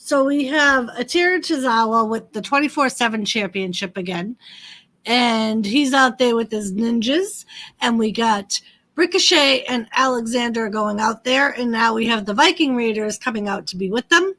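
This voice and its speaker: On her casual livestream, a woman with a slightly high, somewhat bright voice talks animatedly about wrestling at a moderate pace, greeting her viewers by name.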